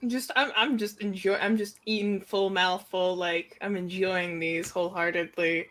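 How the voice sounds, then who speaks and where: A woman's voice: fairly low pitch, fairly even intonation, normal speed, a bit bright. A woman playing a tabletop game, chatting casually and laughing easily. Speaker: player.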